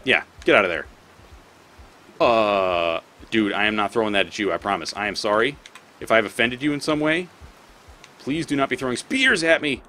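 A man's voice: lowish voice, moderate pace, pauses often, bright, forceful tone, a little hiss or hum. A man giving casual gameplay commentary as a let's play host; he swears often and talks back at the creatures on screen.

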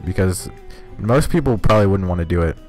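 A man streaming a video game, giving profane, rambling, self-mocking commentary in one steady speaking voice. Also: sits low, a little fast, soft background music. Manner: talks in one steady voice, cannot scream. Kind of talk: casual live-stream commentary.

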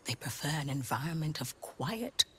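Hushed game librarian, whispered role-play, breathy and very low, unhurried. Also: female voice, lively intonation, heavily acted. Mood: hushing. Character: hushed female librarian guarding sensitive books.

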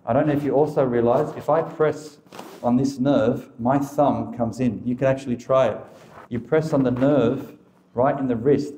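A man's voice: mid-range voice, dark tone, roomy sound, a little hiss or hum. A man giving a religious teaching talk as a Catholic speaker, emphatic and full of rhetorical questions.

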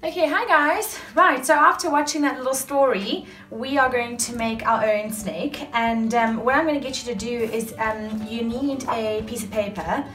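A woman's voice: on the high side, normal speed, hardly any pauses, fairly bright tone. A woman teacher giving a chatty, step-by-step craft lesson for children, with many fillers. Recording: roomy and distant, with music.

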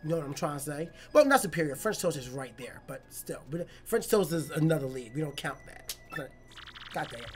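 A woman doing casual, jokey commentary while playing a video game, rambling and excitable. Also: deep voice, brisk, faint music behind. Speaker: let's play host.

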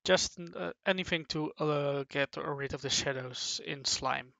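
A commentator who rambles playfully and haltingly through a casual talk while drawing, on a dull, dry lo-fi mic. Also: mid-range voice, vocal fry, bright, forceful tone, no echo.

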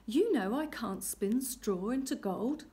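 A woman's voice: fairly high pitch, lively intonation, slow pace, mellow, breathy edge, exaggerated voice. A woman voicing a fretful young weaver's daughter. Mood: plaintive. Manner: plaintive, anxious.

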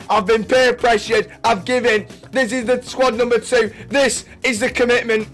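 A young man from England commentates his video game as he plays, cursing and chatting to his stream. His voice sits fairly high, and faint music runs underneath. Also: normal speed, hardly any pauses. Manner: swearing, shouting in excitement. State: voice going hoarse. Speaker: gaming streamer. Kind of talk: excited gameplay commentary.

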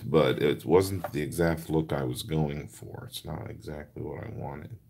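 Rumbling low and steady, the card-making host speaks unhurriedly with hardly any pauses, his voice creaky, warm and husky. He chats casually as he works, gushing sincerely, greeting commenters by name and walking through every step as he goes.

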